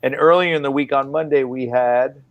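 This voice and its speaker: A man hosting a casual chat show, talking in a relaxed, rambling way with trailing sentences. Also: medium pitch, normal speed, dull audio. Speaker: host.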